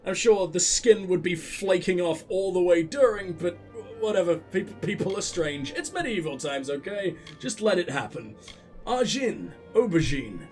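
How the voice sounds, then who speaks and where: High-pitched sarcastic gaming host. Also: male voice, moderate pace, hardly any pauses, soft background music. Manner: sarcastic, profane and animated. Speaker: let's play host. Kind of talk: casual gameplay commentary.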